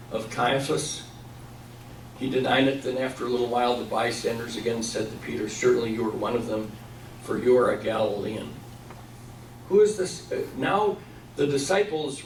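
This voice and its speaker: In an echoey church hall, a man with a medium-pitched voice leads a Bible study, posing questions to the room and answering them himself. The mic sits at a distance, and there's a slight hiss or hum.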